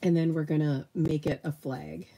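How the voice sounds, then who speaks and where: A woman's voice: deep voice, fairly even intonation, normal speed, vocal fry, mellow, breathy edge. A middle-aged woman hosting a live card-making tutorial, chatty and self-deprecating as she thinks aloud while she works, her voice slightly nasal. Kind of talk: live crafting demonstration.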